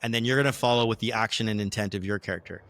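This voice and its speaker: A man with a bright, forward voice walks a friend through the rules of a tabletop game, step by step, often circling back to rephrase. He sits at an average pitch, and the sound is dry with no room echo. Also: rapid-fire. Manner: explains rules step by step, rambling restarts. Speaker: rules explainer and player. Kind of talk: casual tabletop game play.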